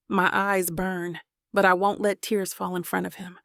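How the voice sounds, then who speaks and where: Woman narrating with a gravelly edge. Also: on the low side, fairly even intonation, a little slow, no room sound, studio quality. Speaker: audiobook narrator. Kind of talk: first-person scripted narration.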